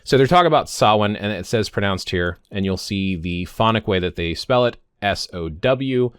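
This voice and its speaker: A man's voice: fairly low pitch, expressive, normal speed, a bit bright, clean tone, dry recording, studio quality. A man in his fifties talking casually to camera in a vlog, rambling and often stopping to correct himself. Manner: rambling, self-correcting, stumbles on words. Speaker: pagan vlogger.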